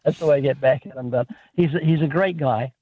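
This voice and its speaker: A man with a New Zealand accent, a guest author telling lively, joking stories in a radio interview over the phone. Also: mid-range voice, fast, a little hiss or hum. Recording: tinny phone line.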